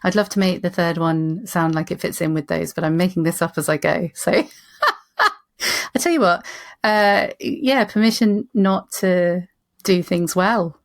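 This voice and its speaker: Woman doctor as a podcast guest, low gravelly voice, earnest and reflective. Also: steady tone, normal speed. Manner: earnest, reflective, speaks in emphatic lists. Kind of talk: casual conversational interview.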